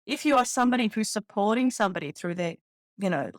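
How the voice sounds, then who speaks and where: A woman's voice: medium pitch, animated, fast talker, no echo. A woman from the Balkans in her thirties, a podcast host speaking candidly and from the heart in a personal monologue, with lots of "you know". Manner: heartfelt, candid, many fillers.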